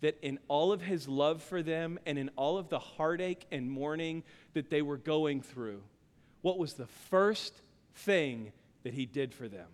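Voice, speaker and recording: A man in his thirties preaching a sermon as pastor, impassioned, dropping quiet and then building to shouts. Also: a little high, unhurried. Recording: long hall reverb.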